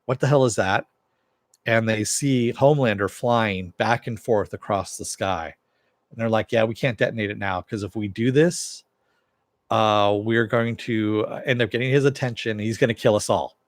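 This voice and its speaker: Low-voiced man recapping a TV episode. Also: normal speed, no echo. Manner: loose storytelling, paraphrases dialogue with "he goes"; frequent "uh" fillers. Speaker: TV show reviewer.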